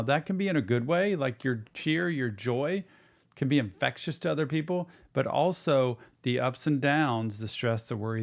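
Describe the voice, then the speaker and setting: A man's voice: medium pitch, vocal fry. A middle-aged man, a therapist hosting a music reaction show, talking to viewers in an earnest, encouraging way. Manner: earnest, encouraging, talks directly to viewers, says "y'all". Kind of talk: casual reaction-stream commentary.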